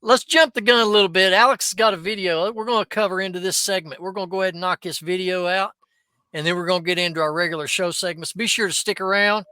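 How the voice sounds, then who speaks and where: An upbeat man hosts a casual podcast and steers it from segment to segment. His voice is high and bright. The sound is dry. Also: fairly even intonation, fast talker, clean tone, no echo. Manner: upbeat, steers the show along. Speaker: podcast host.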